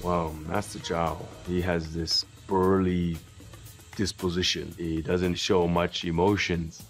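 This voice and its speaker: A man's voice: sits low, level tone, slow, faint music behind. A man hosting a documentary, narrating his training and speaking candidly in interviews with an earnest, self-deprecating manner. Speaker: documentary host training at a temple.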